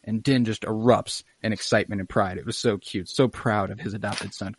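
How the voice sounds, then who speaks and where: A young man with a lowish voice recaps a show in a loose podcast chat. He slips into exaggerated character voices and curses casually. The sound is dry and close, with no room echo. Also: fairly even intonation, a little fast, few pauses, slightly rough. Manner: acts out lines in exaggerated voices, swears casually. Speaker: podcast co-host recapping an episode. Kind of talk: casual chat, animated retelling.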